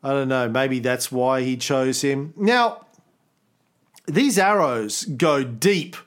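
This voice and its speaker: A man's voice: mid-range voice, slow pace. A man co-hosting a podcast, chatting crudely and comically about art history, riffing and slipping into silly impressions. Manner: profane, riffing, slips into impressions. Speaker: podcast co-host.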